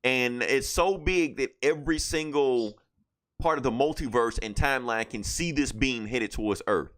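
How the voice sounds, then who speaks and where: A man's voice: medium pitch, moderate pace, fairly bright tone. A man hosting a podcast, recapping comic books in a loose, profane, casual way. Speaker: podcast host.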